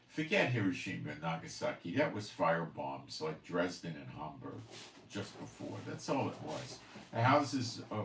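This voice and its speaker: A man's voice: sits low, a bit bright, roomy sound, distant mic, slight background noise. A man hosting a commentary channel, ranting emphatically with scorn and rhetorical questions. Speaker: host of a prophecy commentary channel.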